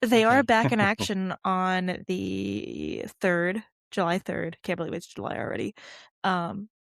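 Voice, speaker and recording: An American woman co-hosting a soccer podcast, talking quickly and laughing often in casual chat. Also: lowish voice, animated, creaky, dry recording, studio quality. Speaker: podcast co-host.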